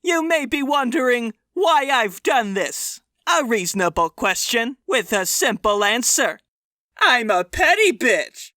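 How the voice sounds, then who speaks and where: Smug mocking comedian guy done by a man, calm and pleased with himself, bright tone, dry close sound. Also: very high voice, a little slow, no echo, full character voice. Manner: calm, mocking, self-satisfied. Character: smug male comedian taunting a fan from his TV special.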